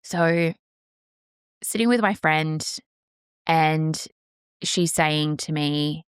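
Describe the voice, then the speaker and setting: A woman's voice: sits low, slow pace, long pauses, clean tone, no echo, clean studio sound. A woman hosting her own podcast, talking candidly and passionately in a solo monologue. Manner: earnest, emphatic, passionate. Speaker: podcast host.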